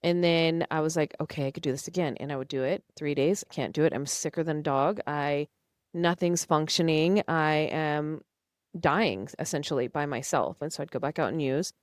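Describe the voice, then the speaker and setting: A young woman with a low voice tells her own story as a podcast guest, earnest and emotional, acting out past conversations. She speaks at normal speed, and the studio sound is close and dry, with no room or echo.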